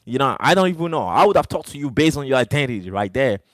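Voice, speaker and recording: Speaking to his chat in a quick, sing-song mid-range voice, a male livestream host repeats himself with emphasis. English is his second language, and the recording is dry.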